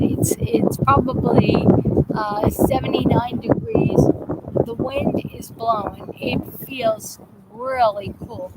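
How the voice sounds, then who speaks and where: A woman hosting a live chat show, rambling casually with halting restarts and fillers while greeting viewers outdoors. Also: high-pitched. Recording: loud background noise, vehicles passing.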